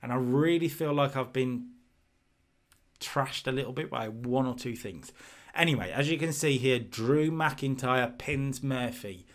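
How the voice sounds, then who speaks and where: A man's voice: medium pitch, unhurried. A man casually commentating on his own playthrough of a wrestling management game, chatty and reading out scores as he goes. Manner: chatty, restarts and fillers, reads out scores. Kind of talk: casual let's-play commentary.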